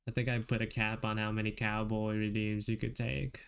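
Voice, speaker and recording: A man streaming while he draws, chatting casually with viewers in a relaxed way and chuckling often. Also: on the low side, fairly quick, vocal fry, smooth.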